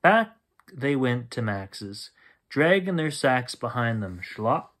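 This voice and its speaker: A man reading a bedtime picture book aloud at an unhurried pace. His voice swings widely, and he plays out every sound effect. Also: mid-range voice. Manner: slow and expressive, with sound effects. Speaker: storyteller. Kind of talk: bedtime story read-aloud.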